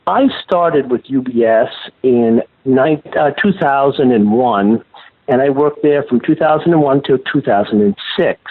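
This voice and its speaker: Male guest, emphatic storyteller, phone-line sound, mid pitch. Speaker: guest, former banker and whistleblower. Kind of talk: interview answers, storytelling.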